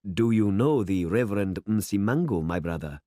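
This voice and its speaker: A man's voice: lowish voice, animated, moderate pace, mellow, dry recording, studio quality, close to an everyday voice. A man voicing a humble, earnest older country priest who asks polite questions, in a storybook reading.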